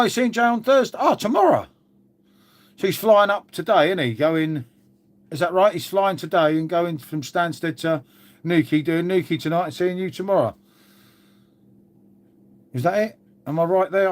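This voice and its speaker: Glum sweary man, slightly high voice. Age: older. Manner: glum, swears often, addresses viewers as mate. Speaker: channel host. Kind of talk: casual live chat to viewers.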